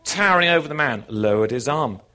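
A man preaching to his congregation, telling a story with animated, folksy delivery. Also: medium pitch, a little fast. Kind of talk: sermon with a joke.

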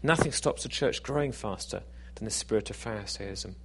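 A man's voice: fairly low pitch, normal speed, background noise. A man preaching a sermon in a conversational, self-deprecating, jokey way.

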